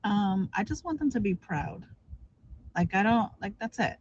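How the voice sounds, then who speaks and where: A woman's voice: mid-range voice, animated, normal speed, muffled recording, slight background noise. A woman guest chatting casually, upbeat and encouraging, with many "like" fillers. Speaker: guest streamer. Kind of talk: casual chat.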